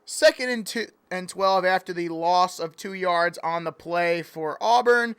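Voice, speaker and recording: Man, high voice, smooth and clear, dry close sound, playful mock sports commentary. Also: unhurried, a bit bright, no echo. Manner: playful, rambling, easily sidetracked. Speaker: play-by-play commentator.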